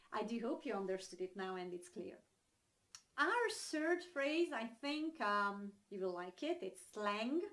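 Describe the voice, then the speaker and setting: A young woman with a Hungarian accent teaches English phrases in an online lesson. Her voice sits fairly high. She talks in a chatty way, walking through everyday examples with plenty of ums and uhs.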